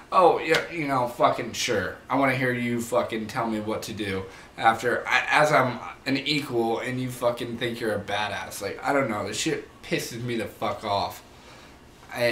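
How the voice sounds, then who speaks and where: A man's voice: mid-range voice, a bit bright, reverberant, a little hiss or hum. A young man ranting casually to the camera about rude people, heated and profane, rambling as he goes. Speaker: vlogger; manager.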